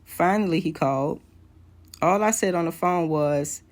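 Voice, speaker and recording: A woman's voice: sits low, normal speed. A woman around forty telling a personal story to camera, candid and conversational with hesitant fillers. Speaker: vlogger.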